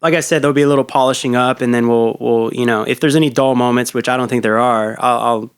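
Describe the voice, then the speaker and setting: A man's voice: mid-range voice, fairly even intonation, quick pace, smooth. A man hosting a podcast in a laid-back, rambling chat, swearing often. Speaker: podcast host. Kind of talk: casual chat.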